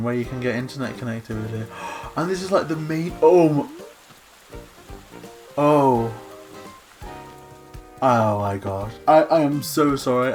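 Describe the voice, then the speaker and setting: A man co-hosting a video, giving excited game commentary with gushing exclamations and gasps. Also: mid-range voice. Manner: gushing, gasping, breathless exclamations. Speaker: co-host touring a game island.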